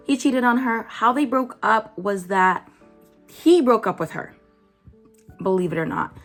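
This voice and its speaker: A woman's voice: a little high, expressive, measured pace, faint music behind. A woman vlogger giving casual commentary, chatty and blunt, with lots of "like" and "um". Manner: chatty, blunt, filler-heavy with "like" and "um".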